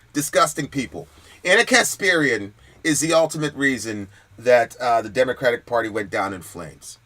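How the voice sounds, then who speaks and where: A man's voice: a little high, bright, forceful tone. A man hosting a political commentary stream, talking in a heated, emphatic and profane way. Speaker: host.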